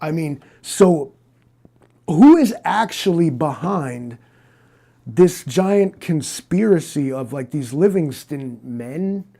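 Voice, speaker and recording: A man's voice: a little high, expressive, takes it slowly, mellow. A man playing a skeptical interrogator in an improvised comedy scene, questioning hesitantly.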